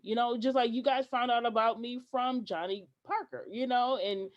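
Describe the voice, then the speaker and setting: A woman guest on a podcast, telling stories in an animated way and acting out what people said, with some hesitant restarts. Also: a little high, normal speed, muffled recording. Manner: animated, acts out quoted dialogue. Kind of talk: podcast interview storytelling.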